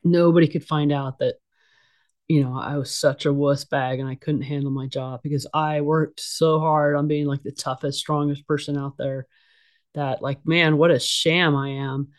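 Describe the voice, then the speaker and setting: A woman's voice: deep voice, flat delivery, normal speed, darkish tone. A middle-aged woman talking candidly as an interview guest. She is blunt and casual, with frequent fillers and restarts. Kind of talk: candid conversational storytelling.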